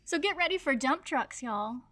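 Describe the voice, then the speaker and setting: A woman co-hosts a casual book podcast from her home. Her voice sits high and bright, and she rattles through her lines fast and animated, giggling often. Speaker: podcast co-host. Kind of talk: casual chat.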